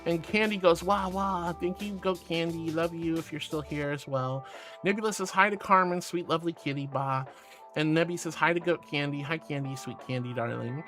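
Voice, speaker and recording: A man's voice: on the high side, fairly quick, a bit bright, faint music behind. A man streaming casually, playfully and affectionately reading chat aloud.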